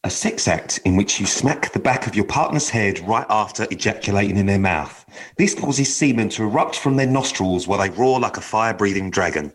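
Guy co-hosting a chatty podcast, fairly low voice, swears a lot, cheeky. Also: animated, a little fast. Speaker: podcast co-host. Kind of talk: casual chat.

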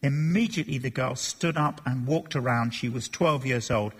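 A man preaching an expository sermon, animated, acting out voices and joking between readings. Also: medium pitch, moderate pace, breathy edge. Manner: animated, acts out Bible voices and jokes. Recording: long reverb of a church hall.

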